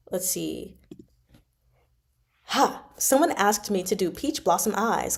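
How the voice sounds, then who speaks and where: A woman with a lowish, gravelly voice hosts a casual livestream lesson on Mandarin, sounding out the tones as she explains them. She speaks slowly with lively intonation, pausing often, and she's chatty and corrects herself as she goes.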